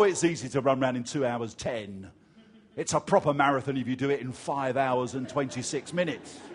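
An English man preaching a sermon, telling a personal story with lively acted-out voices. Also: a little high. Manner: animated storyteller, acts out crowd voices.

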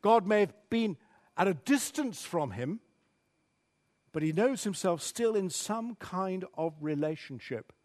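Dramatic high-voiced preacher. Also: male voice, lively intonation, unhurried, a little mellow. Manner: dramatic, reads scripture with rising intensity. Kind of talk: sermon.

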